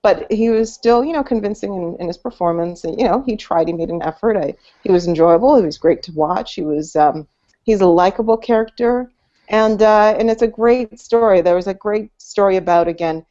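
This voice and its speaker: Brisk and warm, a woman with a mid-range voice co-hosts a casual movie podcast. The video-call recording sounds dull and lo-fi, and her talk rambles, packed with fillers and restarts.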